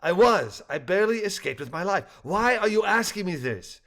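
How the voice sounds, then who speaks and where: Older man voicing a guarded doctor, curt, clipped, slightly raised pitch, storybook. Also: sing-song, normal speed, a bit bright, full character voice. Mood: wary. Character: curt, wary male engineering doctor.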